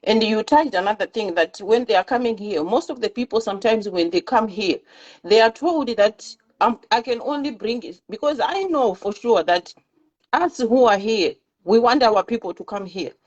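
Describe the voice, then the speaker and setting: A woman's voice: a little high, animated, moderate pace, darkish tone. A woman in a casual talk-show discussion, earnestly giving advice and often repeating her words. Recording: muffled lo-fi audio.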